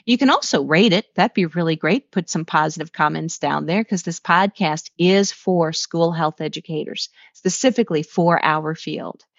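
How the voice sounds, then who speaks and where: A woman's voice: low voice, moderate pace, gravelly, hardly any pauses, no echo, dull audio. A woman hosting a podcast, talking in an enthusiastic, encouraging way as she wraps up an interview. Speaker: podcast host.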